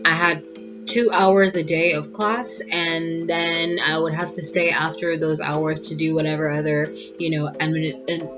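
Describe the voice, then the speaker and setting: Sassy low-voiced woman telling a story. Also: level tone, measured pace. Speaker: vlogger. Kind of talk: casual storytime monologue. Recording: dull lo-fi audio with guitar music.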